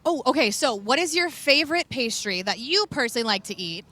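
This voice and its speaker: High, bright woman news reporter. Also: big pitch swings, brisk. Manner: upbeat, chatty, prompting. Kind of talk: live on-location report.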